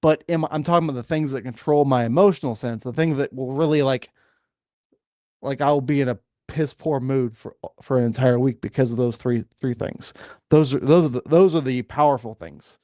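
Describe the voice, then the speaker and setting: A man's voice: mid-range voice, normal speed, mellow, no echo. A man co-hosting a sports podcast in casual chat, frustrated and ranting. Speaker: podcast co-host.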